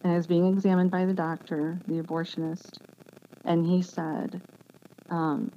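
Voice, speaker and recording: A woman giving an earnest, emotional personal testimony as an interview guest, speaking haltingly with many restarts. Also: fairly low pitch, level tone, mellow. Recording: dull lo-fi sound with faint background noise.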